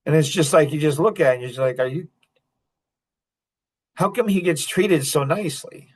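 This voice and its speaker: A man's voice: fairly high pitch, normal speed, a little mellow, breathy edge. A middle-aged man hosting a podcast, talking in an impassioned, repetitive monologue and breaking into short laughs. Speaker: podcast host.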